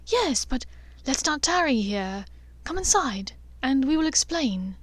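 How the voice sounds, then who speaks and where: A woman voicing an elegant aristocratic witch mother, poised, formal and soft-spoken, for an audiobook. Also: high voice, sing-song, unhurried, no room sound, voice pushed up. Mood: gracious.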